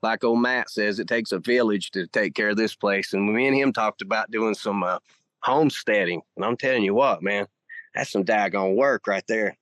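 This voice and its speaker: A man's voice: on the low side, normal speed, fairly bright tone, dry recording. A man with a Southern American accent, a musician guest telling folksy, laughing stories in casual podcast chat.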